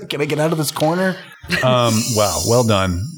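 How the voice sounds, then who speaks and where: A man at an ordinary middle pitch talks through a movie's plot on a casual podcast. He jokes, swears freely and laughs often while he recaps. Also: big pitch swings, normal speed, faint music behind. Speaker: podcast co-host. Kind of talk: casual film discussion podcast.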